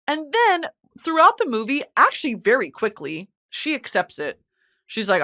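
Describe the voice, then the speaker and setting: A young woman hosting a casual chat show, animated and expressive, swearing freely. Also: a little high, normal speed. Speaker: podcast host.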